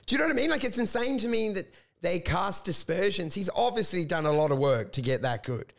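A high-pitched man in full rant mode, swearing freely and building up steam as he riffs with a friend. His talk is loose, comedic and animated. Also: a little fast, gravelly. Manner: ranting, profane, animated. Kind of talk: casual comedic chat.

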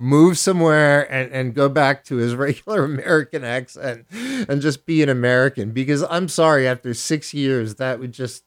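A man's voice: mid-range voice, a bit bright. A male radio DJ host reading a listener's confession aloud, then giving playful, mock-solemn commentary with frequent chuckles.

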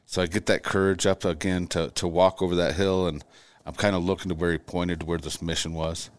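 A middle-aged man, a guest, telling his own story in conversation, halting and repeating words as he goes. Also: low-pitched, level tone.

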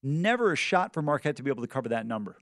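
A man's voice: medium pitch, very animated, racing, no echo, clean studio sound. A man co-hosting a sports betting show, talking in an emphatic, jokey, opinionated way. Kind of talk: casual sports talk.

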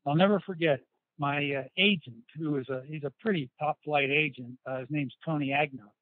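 A man's voice: a little high, brisk, dry recording. A man, a guest in an interview, telling long rambling anecdotes with many restarts and quoted dialogue. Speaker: interview guest, former football player. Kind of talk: casual storytelling interview. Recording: dry tinny phone-like sound.

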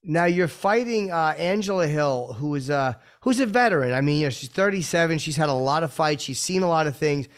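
A man's voice: fairly high pitch, expressive, fairly quick, hardly any pauses. A man hosting a chat show who makes dry, wry remarks and interviews a guest. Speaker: podcast host.

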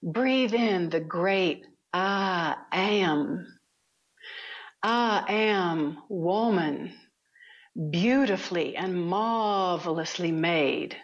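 A woman voicing a serene elderly nun with a heavy Alabama accent, speaking very slowly and soothingly. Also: fairly low pitch, dull audio. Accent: Southern US (Alabama). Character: serene elderly Southern nun guiding a class.

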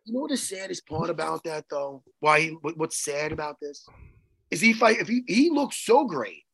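Raspy new guy, middle-aged, rambling animated chat, gravelly voice. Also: fairly high pitch, normal speed. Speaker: co-host, jiu-jitsu coach. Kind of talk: excited casual chat.

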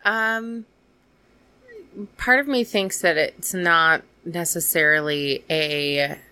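A woman comedian who is a guest on a podcast, soft-spoken and easygoing in casual conversation. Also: sits low, slow pace, clear, resonant tone, dry recording. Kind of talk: casual interview chat.

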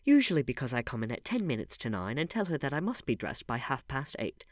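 A man's voice: mid-range voice, big pitch swings, quick pace, no room sound, clean studio sound, pitched above the performer's own voice, natural voice. A man voicing a witty, teasing aristocratic young duchess in an audiobook, with a playful, bantering manner.

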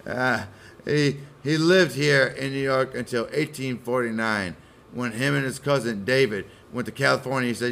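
Gravelly Midwestern man, joking chat. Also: medium pitch, normal speed, fairly bright tone, slight background noise. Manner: joking, swears casually, puts on silly voices. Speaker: podcast co-host. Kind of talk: casual chat. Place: garage with a pellet stove.

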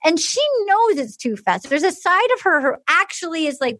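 A woman's voice: extremely high pitch, moderate pace, hardly any pauses, dry recording, clean studio sound. A woman recapping a reality show in casual chat, acting out what people said in shifting voices and saying "like" a lot. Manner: animated, acts out quotes in shifting voices; heavy use of "like" and restarts.

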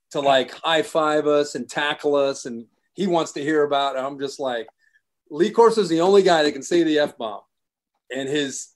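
Older man telling an animated story. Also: a little high. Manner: animated storyteller, acts out quotes. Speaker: guest, sports broadcaster. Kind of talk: casual storytelling.

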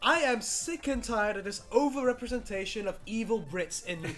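A man co-hosting a podcast, ranting about movies in an animated, profane way. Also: high voice, normal speed, music in the background. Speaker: podcast co-host. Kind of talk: casual movie review chat.

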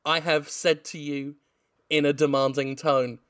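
A male podcast host talks with wry, teasing humor in a casual chat. His voice is bright and sits a little high for a man. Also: level tone, unhurried, clear, resonant tone.

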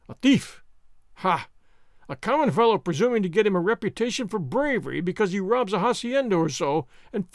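A man's voice: no room sound, clean studio sound. A man acting a roaring, boastful army sergeant. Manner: roaring, booming bluster. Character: blustering big male army sergeant, boastful and hot-tempered.

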